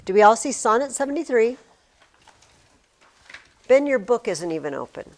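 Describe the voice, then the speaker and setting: A middle-aged woman teaching a classroom, chanting rhythms aloud in a chatty, animated way. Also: a little high, moderate pace.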